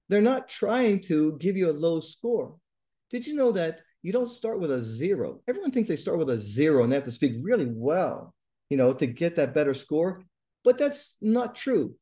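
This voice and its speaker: A man's voice: fairly high pitch, dark tone. A middle-aged man tutoring test-takers, giving blunt, emphatic advice and repeating his key points. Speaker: TOEFL tutor. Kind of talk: direct advice lesson to viewers.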